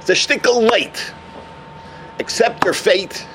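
A man's voice: high voice, slow pace, noisy background. A man playing an exasperated old father. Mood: scolding. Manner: scolding, singsong rhyming.

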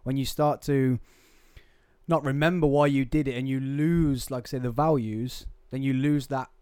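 A man's voice: mid-range voice, steady tone, mellow, clear, resonant tone, dry recording. Podcast host guy, chatty, stumbles and rephrases, dry close mic. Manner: conversational, halting, self-correcting. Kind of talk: casual chat.

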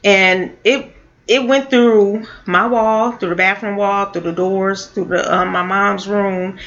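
A woman telling a personal story in a casual, halting way, with many fillers and restarts. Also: medium pitch, steady tone, a bit bright. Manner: halting, full of fillers and restarts, laughs now and then. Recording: dull lo-fi audio.

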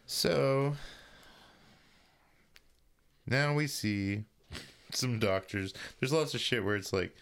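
A man's voice: medium pitch, takes it slowly, fairly bright tone, clean tone. A man recapping a movie in casual podcast chat, full of crude jokes and banter.

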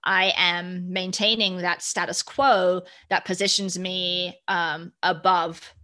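A woman's voice: fairly low pitch, level tone, slow pace, sharp tone. A woman speaking earnestly in a reflective podcast conversation, often checking in with "right?".

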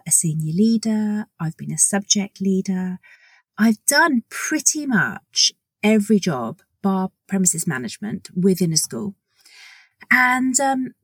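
A woman's voice: medium pitch, husky, no room sound. A woman in her forties hosting a solo podcast introduction, chatty and enthusiastic, acting out little conversations. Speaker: podcast host.

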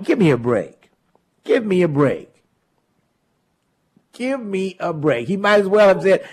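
Animated talk radio host, man. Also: sits high, unhurried, long pauses, slightly rough. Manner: animated, laughs often, mocks callers.

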